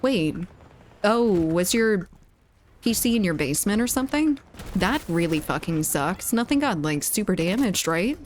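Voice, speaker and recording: A woman's voice: medium pitch, expressive, moderate pace, slight background noise. A woman streaming a game, chatting casually and giggling as she reads chat aloud.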